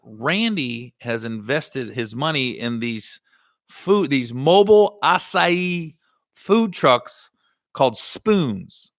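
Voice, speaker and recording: A man's voice: medium pitch, bright, forceful tone, no echo, studio quality. A man hosting a comedy podcast in casual storytelling style, rambling and correcting himself, with a slight Ohio Valley twang.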